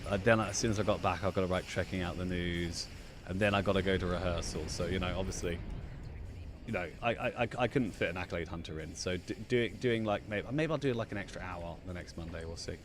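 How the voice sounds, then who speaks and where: A man's voice: low-pitched, quick pace, background noise. A man co-hosting a casual livestream show, chatty, often stumbling into restarts. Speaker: podcast co-host.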